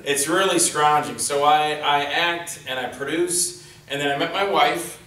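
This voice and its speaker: A man telling animated stories on a convention panel, acting out what others said in raised voices. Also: on the high side, a little slow. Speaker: indie film actor and stuntman, panelist. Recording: roomy hall from far off, faint noise.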